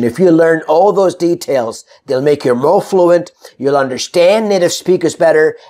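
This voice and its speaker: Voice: medium pitch, a little mellow. An English pronunciation teacher in an online lesson, who says each example word several times and checks in with "right?". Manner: demonstrates words slowly, repeating each for contrast; checks in with frequent "right?" and "all right?".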